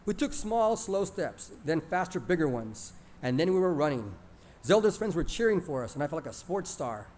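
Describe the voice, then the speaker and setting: A man's voice: a little high, normal speed. A man narrating a first-person childhood story in a plain, conversational way. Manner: lively, plainspoken, conversational retelling.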